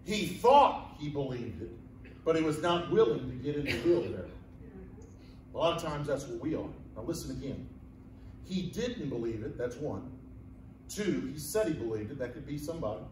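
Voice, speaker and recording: A man's voice: a little high, darkish tone, a little hiss or hum. A man preaching a sermon in a folksy, storytelling way. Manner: folksy storytelling, acting out voices in quotes. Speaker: pastor. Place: church sanctuary. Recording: echoey church room from a distant mic.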